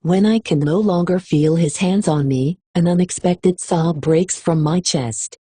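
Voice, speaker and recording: A woman's voice: fairly low pitch, unhurried, mellow, breathy edge, dry recording. A woman reading a first-person novel aloud in an emotional storytelling style. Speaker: audiobook reader. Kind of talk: expressive audiobook narration.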